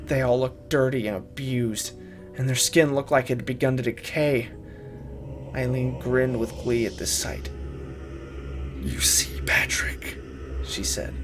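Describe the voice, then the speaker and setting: A man's voice: mid-range voice, steady tone, normal speed, music in the background. A man narrating a first-person horror story, dramatic and urgent in his telling.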